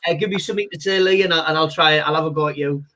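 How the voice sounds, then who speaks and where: A man's voice: on the high side, racing, pushed and bright, slight background noise. A man guesting as an impressionist, chatting casually over a video call in a rambling way, leaning on fillers like "you know".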